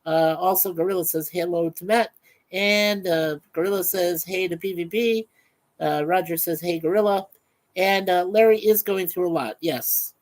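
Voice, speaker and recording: A man's voice: sits high, normal speed, poor audio. A man hosting a casual live stream, chatting loosely with many fillers and reading out viewer comments.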